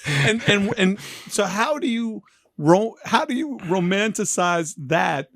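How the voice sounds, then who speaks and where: A man in his fifties from New York, hosting a casual interview and telling animated, joking stories. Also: high voice, slow, a little hiss or hum. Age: 50s. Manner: animated, joking storyteller who acts out quotes. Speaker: podcast host.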